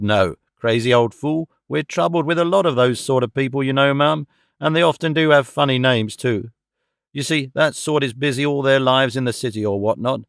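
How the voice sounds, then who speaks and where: A man's voice: medium pitch, creaky, clear, resonant tone, dry recording, clean studio sound, lightly acted. A man voicing a good-natured middle-aged police inspector who talks in a blunt, homely, colloquial way.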